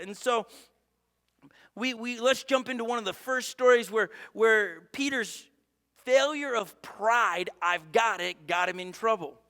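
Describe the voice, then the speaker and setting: A male pastor preaching a sermon in a conversational, energetic way, with asides and quick restarts. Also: extremely high pitch, long reverb tail.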